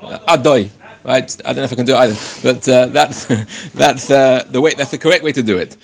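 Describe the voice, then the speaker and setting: A man in the middle of a Torah class who reads Hebrew text slowly and carefully, then turns to explain it in English. He talks in a halting way, often breaking off and starting his sentences again. His voice sits at an ordinary middle pitch for a man. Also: fairly even intonation, creaky. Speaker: Torah teacher.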